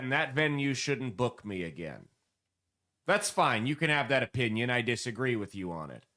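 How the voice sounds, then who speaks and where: A man hosting a political commentary show, animated and sarcastic, mocking the people he quotes. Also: a little high. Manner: animated, sarcastic, mocking voices when quoting.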